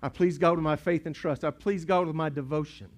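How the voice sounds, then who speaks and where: Man, pastor, high voice, sermon in a church, hushed to shouting, repeats phrases. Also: fairly even intonation, fairly quick. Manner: preaching in swells from hushed to shouting, repeats words. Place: church sanctuary. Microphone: pulpit mic.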